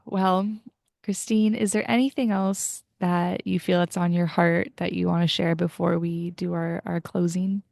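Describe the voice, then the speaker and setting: Young female podcast host, chatty and heartfelt, gravelly edge, dry sound. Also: on the low side, level tone, measured pace, a little mellow, no room sound. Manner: emotional, chatty, many fillers. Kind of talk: casual interview chat.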